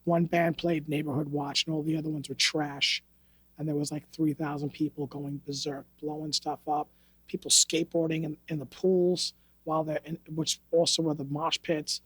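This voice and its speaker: A man's voice: fairly high pitch, flat delivery, moderate pace, a bit bright, husky, no room sound. A man from New York, a martial arts instructor, telling stories on a podcast in a blunt, profane, streetwise way. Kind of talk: casual interview storytelling. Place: podcast studio.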